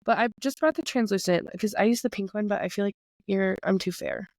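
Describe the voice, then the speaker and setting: A woman's voice: mid-range voice, brisk, dry recording, clean studio sound. A young woman in her twenties, a makeup creator, telling rambling stories in casual chat with lots of "like". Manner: animated storyteller, rambling with lots of "like".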